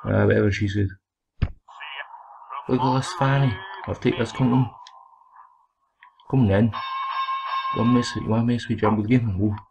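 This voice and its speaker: A Scottish man giving excited, foul-mouthed let's play commentary, trash-talking the game as he plays. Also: on the low side, moderate pace, creaky, long pauses. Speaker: gaming commentator. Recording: noisy home recording.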